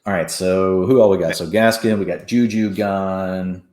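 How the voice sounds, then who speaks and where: Deep-voiced man, chatty and echoey. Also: moderate pace. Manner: animated, chuckles often, restarts sentences. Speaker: podcast co-host. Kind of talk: casual fantasy football chat.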